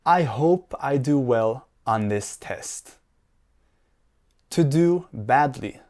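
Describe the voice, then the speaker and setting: A man teaching an English lesson at a very unhurried pace, pausing between short sentences. Every word is enunciated carefully so learners can repeat after him. His voice sits at an ordinary middle pitch. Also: animated, a little mellow. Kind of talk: slow, clearly spoken language lesson.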